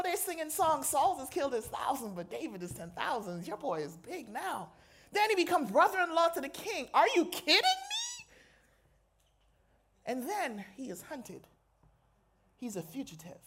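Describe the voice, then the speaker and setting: A woman's voice: high voice, sing-song, moderate pace, slight background noise. A woman chaplain preaching a sermon to a live audience, conversational and playful with slangy asides. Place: lecture hall with an audience.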